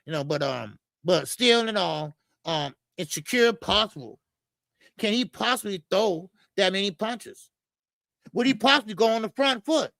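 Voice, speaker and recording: A man hosting a live boxing talk stream, ranting in a profane, animated way and often repeating himself. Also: sits high, normal speed, vocal fry, dry recording. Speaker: boxing show host.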